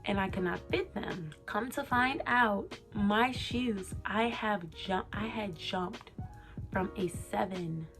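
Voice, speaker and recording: A young woman talks straight to her camera in a candid, confessional vlog. Her speech is articulate and clear, open and emotional, at an ordinary middle pitch. Faint music plays softly behind her. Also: takes it slowly. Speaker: vlogger.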